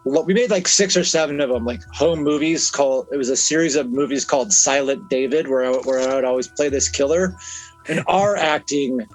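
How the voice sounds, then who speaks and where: A man's voice: a little high, a little fast, soft background music, low-quality recording. A young man co-hosting a podcast, recapping a horror film in loose, profane chat and laughing often. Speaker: podcast co-host. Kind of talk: casual movie review chat.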